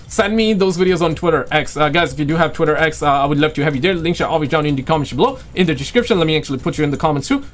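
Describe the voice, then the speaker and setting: A man hosting a casual live stream, rambling excitedly and chatting with viewers while saying he is losing his voice. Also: fairly high pitch. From Quebec, Canada. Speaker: livestream host.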